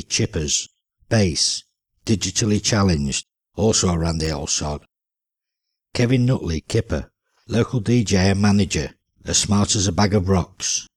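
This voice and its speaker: A man narrates an audiobook with a low, husky voice. His delivery is dry and deadpan. The sound is close and dead, with no room around it. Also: dry recording.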